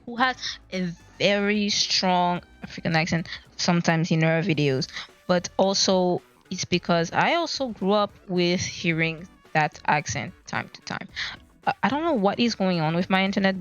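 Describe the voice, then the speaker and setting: A woman's voice: on the low side, animated, moderate pace, soft background music. A woman livestreaming casually, rambling and searching for words as she explains herself. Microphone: desk mic at a laptop. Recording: dull lo-fi stream audio.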